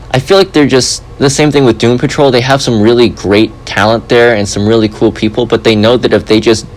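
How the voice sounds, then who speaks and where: A man hosting a podcast in casual chat, rambling and joking with animated asides. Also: mid-range voice, low-quality recording. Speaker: podcast host.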